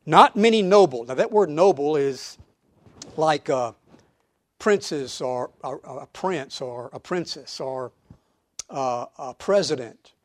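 A man preaching a sermon to his church, emphatic, with rhetorical questions and sudden drops to quiet asides. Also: a little high, no echo, studio quality. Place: church auditorium.

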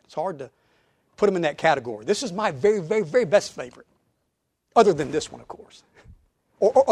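A man preaching a sermon to his church, emphatic, with rhetorical questions and sudden drops to quiet asides. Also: on the high side, dry recording, studio quality. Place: church auditorium.

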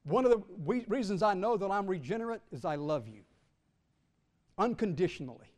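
Brief: high-pitched male pastor, sermon delivery, stretches key words, pauses for the congregation to fill in answers. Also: animated, darkish tone. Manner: calls out questions for the congregation to answer; draws out key words slowly for emphasis.

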